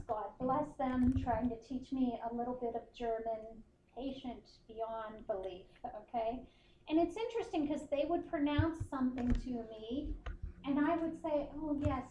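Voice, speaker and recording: A woman's voice: sits high, warm tone, reverberant, muffled recording, slight background noise. A woman instructor giving a conversational classroom lecture, often checking in with her students. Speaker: university instructor.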